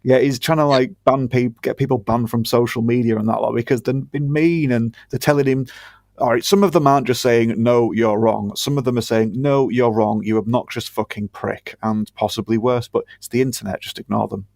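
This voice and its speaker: A man's voice: medium pitch, fairly even intonation, a little fast, vocal fry, darkish tone, dry recording. A British man co-hosting a podcast, chatting casually in a blunt, sweary, sarcastic way. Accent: British English. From Britain. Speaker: podcast co-host. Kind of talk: casual chat.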